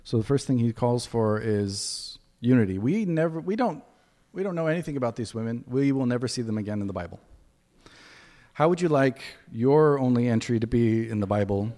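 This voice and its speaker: A man's voice: mid-range voice, animated, brisk, mellow, big-room sound. A man giving a conversational sermon with folksy asides as preacher.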